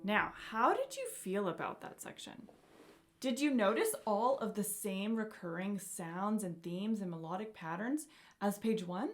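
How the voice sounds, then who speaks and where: A woman's voice: medium pitch, expressive, unhurried. A woman teaching a beginner piano lesson, speaking encouragingly and often checking in with "okay?" and "right?".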